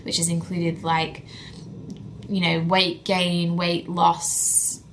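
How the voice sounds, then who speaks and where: A woman's voice: lowish voice, completely flat delivery, slow pace, slight background noise. A young woman, chatting candidly to camera as a vlogging mother, with lots of "like" fillers. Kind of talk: casual chat to camera.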